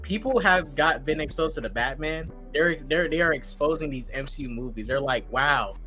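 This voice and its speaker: A man in a casual, heated movie debate, animated and laughing, acting out how crowds reacted. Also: a little high, normal speed, faint music behind. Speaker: podcast co-host.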